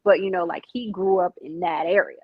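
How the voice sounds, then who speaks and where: A woman's voice: on the low side, steady tone, a little fast, dry recording, phone-quality sound. A woman hosting a casual conversation, emphatic and agreeable, speaking in a slangy way. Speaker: podcast host.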